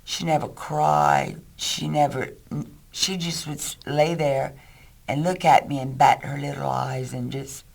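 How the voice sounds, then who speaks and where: Man, gravelly, animated storyteller, interview. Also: mid-range voice, unhurried. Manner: lively storyteller. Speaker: volunteer rescuer.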